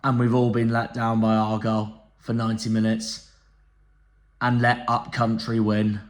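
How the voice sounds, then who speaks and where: A man's voice: lowish voice, monotone, moderate pace. A man with a Cornish accent, a football fan vlogger, giving a furious, sweary post-match rant. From Cornwall. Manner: furious, sweary, repetitive ranting.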